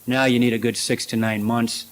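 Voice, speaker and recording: A man at a conference lectern takes questions and answers them in a plain, practical way. His talk is loose and conversational, full of "you know" and "uh". His voice sits at a middle pitch for a man. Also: flat delivery, moderate pace, a little hiss or hum, rough recording. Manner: practical, conversational, many fillers. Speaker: conference speaker. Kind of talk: presentation and Q&A.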